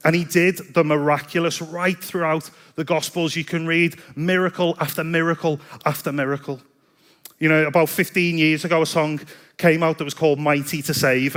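A man's voice: fairly high pitch, steady tone, moderate pace, a bit bright. A man preaching a sermon in a chatty, self-deprecating storytelling way. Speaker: pastor.

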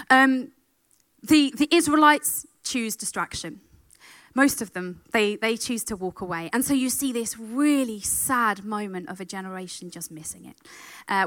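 Female preacher, emotional storyteller, bright tone, dry close sound. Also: medium pitch, no room sound. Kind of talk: sermon.

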